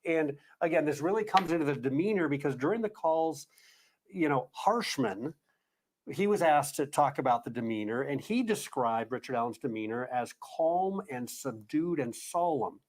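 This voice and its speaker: A man with a fairly high-pitched voice tells trial news in a measured, deliberate way. He slows down and pauses with fillers while he weighs his words. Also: animated, darkish tone. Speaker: news reporter recounting a trial. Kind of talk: measured news narration, reading quoted calls.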